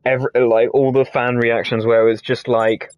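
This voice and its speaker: Man, mid-pitched voice, casual game-stream chat, rambling explanations. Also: flat delivery, normal speed, no echo, highs cut off. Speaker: co-host of a gaming stream.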